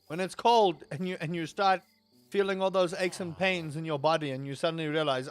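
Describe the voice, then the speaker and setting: A man's voice: a little high, fairly even intonation, brisk, soft background music. A man hosting a livestream in casual chat, reading out and answering chat with playful jokes and mock outrage. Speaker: livestream host.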